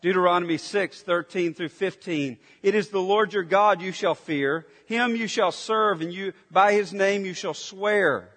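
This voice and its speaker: High-voiced preacher in a reverberant hall. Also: male voice, a little slow, few pauses. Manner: emphatic, swings between intense near-whispers and forceful declarations. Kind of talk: sermon.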